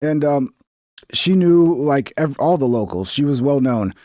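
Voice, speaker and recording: A man's voice: medium pitch, expressive, a little slow, dark tone, dry recording, clean studio sound. A man in his thirties from Texas, giving casual, profane, sarcastic commentary on clips.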